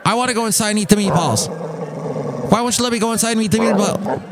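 A man's voice: high-pitched, very noisy, voice pushed up, close to an everyday voice. A man voicing a male boxer dog who whines and pleads to be let inside to eat. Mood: whining. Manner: whining, fast and pleading.

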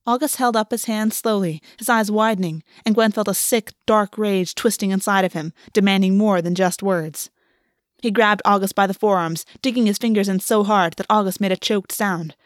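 A woman narrating a work of fiction in an audiobook reading, measured and slowing on the emotional beats. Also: medium pitch, fairly even intonation, no echo, studio quality.

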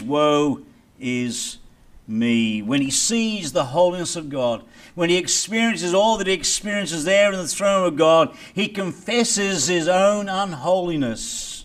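A man preaching a sermon as pastor, reading scripture and building to loud dramatic peaks before dropping low. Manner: dramatic preaching with big swings in loudness.

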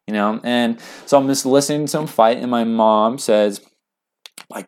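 A young man telling a personal story in casual speech, earnest and halting, with lots of fillers. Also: on the low side, steady tone. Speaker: guest.

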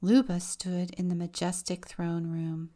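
A woman deacon reading a children's picture book aloud, with slow, expressive storytelling. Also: lowish voice.

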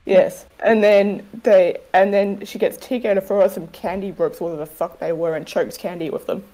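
A woman's voice: mid-range voice, steady tone, normal speed, warm tone, poor audio. A woman co-hosting a casual podcast, dry and wry, who swears casually while recapping a wrestling match. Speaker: podcast co-host. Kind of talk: casual chat reviewing wrestling.

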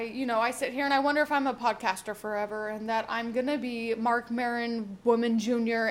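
A young woman talking candidly on her own podcast, rambling and swearing freely as she thinks aloud. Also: on the high side. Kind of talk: casual solo podcast monologue.

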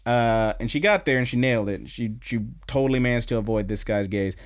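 A man's voice: mid-range voice, brisk, smooth. A young man hosting a podcast, casually rambling through an anime episode recap and acting out the lines. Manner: rambling, animated retelling, acts out quotes. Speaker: podcast host.

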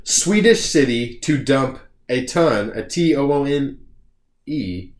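A man's voice: medium pitch, lively intonation, slow pace. A man co-hosting a casual comedy podcast, acting out scenes in silly voices and laughing often. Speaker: podcast co-host. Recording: echoey room with background noise.

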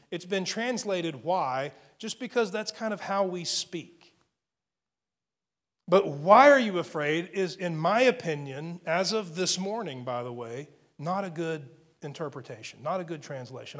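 A middle-aged man preaches with earnest conviction, his voice sitting a little high for a man. He often doubles back on a word before pressing his point forward. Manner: earnest, repeats words while building points. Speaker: pastor. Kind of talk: sermon.

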